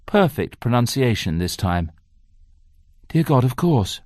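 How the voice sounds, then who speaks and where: A man's voice: medium pitch, sing-song, no room sound, clean studio sound. Man reading a tense thriller audiobook. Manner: measured, tense storytelling. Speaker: audiobook reader. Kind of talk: scripted audiobook narration. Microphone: close studio mic.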